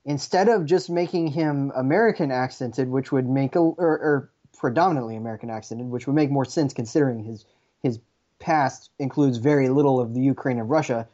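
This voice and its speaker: Dude on a movie podcast, mellow voice, slow and analytical, audio kinda dull. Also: male voice, mid-range voice. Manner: measured, analytical, with hesitant restarts. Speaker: film review podcast co-host. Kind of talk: casual chat.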